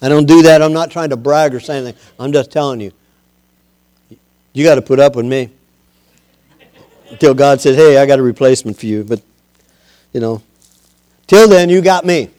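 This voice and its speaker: A man preaching as pastor of his church, moving from low conversational talk to loud, impassioned exhortation. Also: moderate pace, long pauses. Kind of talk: sermon.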